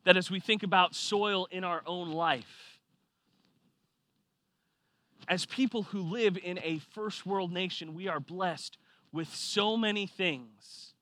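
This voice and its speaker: A man preaching a sermon, telling a personal story with lively swings from quiet reflection to loud excitement. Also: high voice, slow, dry recording. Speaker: pastor.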